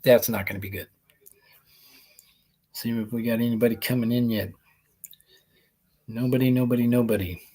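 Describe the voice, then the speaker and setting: Gravelly self-amused male comedy host. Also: mid-range voice, little pitch movement, fairly quick, pauses often, a little mellow. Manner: rambling, self-amused, laughs through his stories. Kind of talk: stand-up style monologue.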